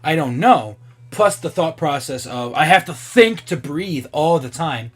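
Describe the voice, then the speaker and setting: Husky, lively young man vlogging. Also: fairly high pitch, measured pace. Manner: animated, swears freely, thinks aloud. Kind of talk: casual reaction commentary.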